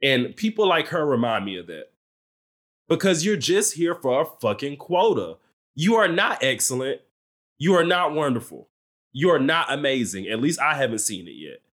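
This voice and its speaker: A man's voice: mid-range voice, very animated, moderate pace, fairly bright tone. A man co-hosting a reality TV recap podcast, ranting heatedly with lots of swearing and blunt repetition. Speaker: podcast co-host.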